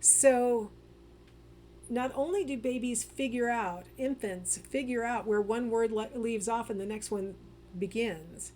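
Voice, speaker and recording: A woman's voice: on the high side, unhurried, mellow, a little hiss or hum. A woman giving a casual recorded psychology lecture, chatty and full of fillers and restarts.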